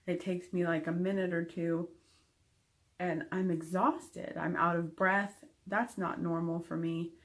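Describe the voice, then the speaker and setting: A woman's voice: lowish voice, fairly even intonation, unhurried. A young adult woman giving a candid, frank recovery update to camera, with frequent ums. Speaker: vlogger.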